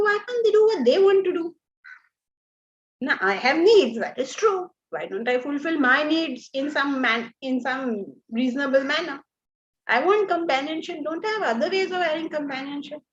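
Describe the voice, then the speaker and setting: A high-pitched woman teaching a class, her voice leaping up and down as she throws rhetorical questions at her students. The recording is a little muffled and lo-fi. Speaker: Vedanta teacher. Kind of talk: class lecture on scripture.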